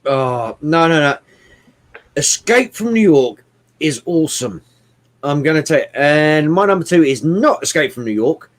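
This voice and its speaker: A man chatting casually about films, animated and swearing often, with bursts of mimicry. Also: on the high side, a little slow. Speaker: podcast co-host. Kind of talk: casual movie chat.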